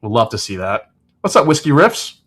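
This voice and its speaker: A man hosting a casual livestream, talking in a relaxed, rambling way and reading viewer comments aloud, with plenty of fillers and restarts. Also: mid-range voice, normal speed. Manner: frequent fillers and self-corrections. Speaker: whiskey reviewer and channel host.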